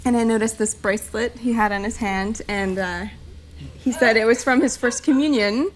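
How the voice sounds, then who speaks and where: A woman's voice: a little high, normal speed. A woman contestant on a television dating show, talking emphatically and animatedly about her boyfriend. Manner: emphatic and animated, talks over her partner. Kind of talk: talk show guest chat.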